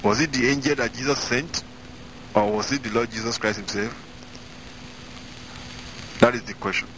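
A man preaching as an evangelist, reading scripture slowly and with emphasis, then explaining it. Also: medium pitch, a bit bright, a little hiss or hum, rough recording. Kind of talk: Bible-reading sermon.

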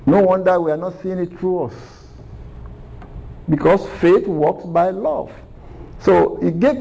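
A man's voice: sits high, slow, long pauses, dark tone, poor audio. A man preaching a sermon, earnest and repeating phrases for emphasis.

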